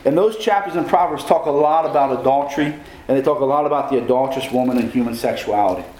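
A man's voice: medium pitch, quick pace, a little mellow, reverberant, slight background noise, poor audio. A man preaching a sermon as pastor, putting questions to the congregation.

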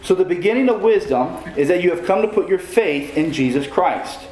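A man's voice: high-pitched, expressive, fairly quick, a little mellow, echoey room, low-quality recording. A man preaching a sermon as pastor, putting questions to the congregation.

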